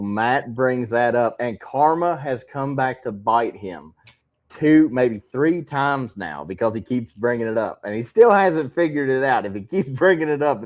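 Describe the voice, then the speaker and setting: A man hosting a podcast, telling fishing stories in a calm, dry way with some laughs. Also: mid-range voice. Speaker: podcast host. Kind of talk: casual podcast chat.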